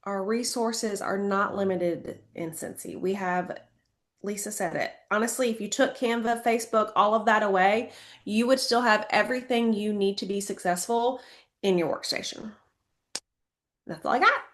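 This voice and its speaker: A woman's voice: mid-range voice, normal speed, a bit bright. A woman on a video call giving casual, conversational tips to her team, with a few fillers and restarts. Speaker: team member presenting tips. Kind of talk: casual instructional talk.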